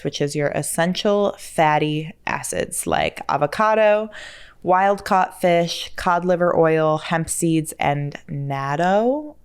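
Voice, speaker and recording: Low-voiced chatty woman podcaster. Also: smooth. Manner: chatty and self-deprecating, stumbles over words and laughs at herself. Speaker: podcast host. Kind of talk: casual solo podcast chat.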